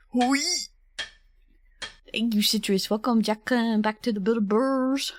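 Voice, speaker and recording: Giggly unhurried woman streamer. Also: on the high side, fairly even intonation. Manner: giggly, rambling, chatting to viewers. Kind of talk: casual livestream chat.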